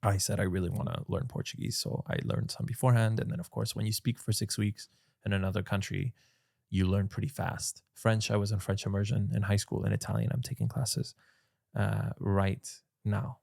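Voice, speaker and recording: Gravelly low-voiced man chatting. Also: a little fast, dry recording, clean studio sound. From Canada. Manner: relaxed, chatty storytelling with swearing. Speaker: actor guest. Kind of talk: casual podcast interview.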